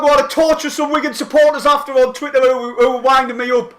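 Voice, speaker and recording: Young lad with a high voice, streaming live football reactions and swinging between yells and quiet chat-reading. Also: male voice, quick pace, hardly any pauses, slight background noise. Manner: excitable, shouting and swearing at goals, then quietly reading chat.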